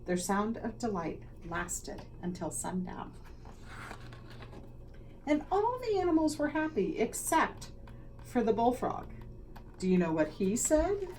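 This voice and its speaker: A woman, a school leader, reading a children's picture book aloud with expressive, dramatic storytelling. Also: on the high side, slow, pauses often. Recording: slightly distant mic, faint noise.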